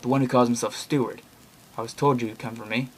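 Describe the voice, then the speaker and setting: A scared young man fighting an urge to kill, his voice climbing higher and louder as he begs to be left alone, put on by a man reading a horror story aloud. He sounds panicked and desperate, his lines pitched above the reader's own. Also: fairly even intonation, a little fast, natural voice. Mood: frightened pleading. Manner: pleading, panicky, raised voice.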